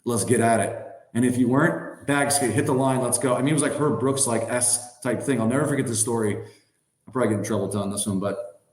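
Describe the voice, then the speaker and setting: A man's voice: medium pitch, quick pace. A man in his thirties, a former hockey player as a podcast guest, telling stories in a loose, rambling way full of "like" and "you know". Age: 30s. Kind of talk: casual storytelling. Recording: roomy echo.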